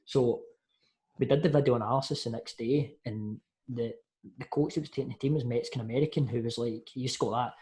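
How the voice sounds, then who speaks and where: Podcast guest: young Scottish man, chatty storyteller, mid-pitch. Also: quick pace. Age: young adult. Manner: lively anecdotes, says mate a lot, acts out quotes. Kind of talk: casual storytelling chat.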